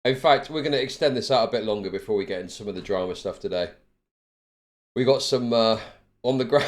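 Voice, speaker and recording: A man's voice: on the low side, expressive, brisk. A man giving blunt, profane live-stream commentary on news clips, laughing often.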